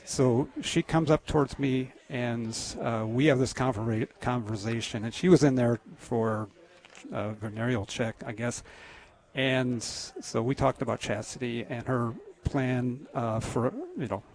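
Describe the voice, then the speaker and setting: A man talking as a radio guest in an earnest, halting way, with many restarts. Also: mid-range voice, steady tone, a little mellow. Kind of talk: casual radio interview.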